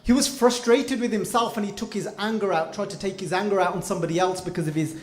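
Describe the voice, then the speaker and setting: A man teaching a Sikh class, telling stories and acting out the quoted lines in an animated way. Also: high voice, fast, roomy sound. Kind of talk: storytelling sermon. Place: hall.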